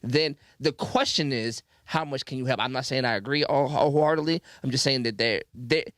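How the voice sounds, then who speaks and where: A man's voice: medium pitch, a little fast, a bit bright, no echo. A man hosting a casual group podcast, reading comments from the chat, with frequent stammered restarts. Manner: stammering restarts, laughs easily. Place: podcast studio.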